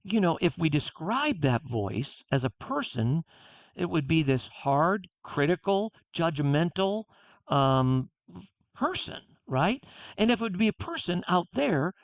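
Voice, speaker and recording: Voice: mid-range voice, very animated, measured pace, dry recording. A guest author on a podcast interview, talking earnestly and reflectively and acting out inner dialogue.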